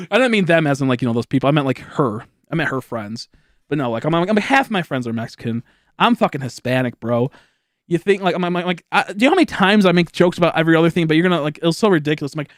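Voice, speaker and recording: A man's voice: a little high, animated, fast talker, no room sound, studio quality. A young man streaming, telling a story in a rambling, casual way with lots of swearing and laughter. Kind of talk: casual livestream chat.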